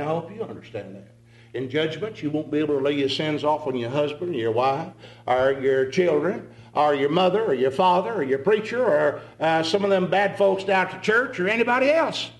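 Animated preacher with echo. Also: male voice, on the high side, a little hiss or hum. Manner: animated, folksy storytelling preaching. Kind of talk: sermon. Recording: echoey room.

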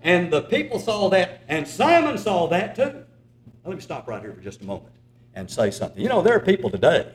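A man's voice: high-pitched, sing-song, brisk. An older man preaching a sermon, earnest and urging, telling a story to his congregation. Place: church auditorium. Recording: echoey church hall.

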